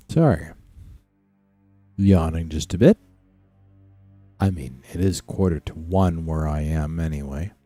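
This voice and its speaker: Man, game streamer, unhurried drawl, blunt and profane, faint music underneath. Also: rumbling low, dark tone, no room sound. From Saskatchewan, Canada. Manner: blunt, swears freely, chats to his dog. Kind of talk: casual live gameplay commentary.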